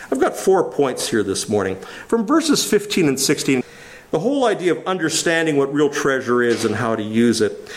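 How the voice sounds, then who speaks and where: A male pastor preaching a sermon, reading scripture with slowed emphasis and asking the congregation questions. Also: mid-range voice. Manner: lively, varied delivery with slowed emphasis on scripture.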